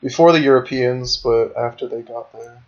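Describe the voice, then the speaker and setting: A man's voice: medium pitch, moderate pace. A young man co-hosting a casual podcast who chimes in with short comments. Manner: chimes in briefly. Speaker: podcast co-host. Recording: slightly dull audio.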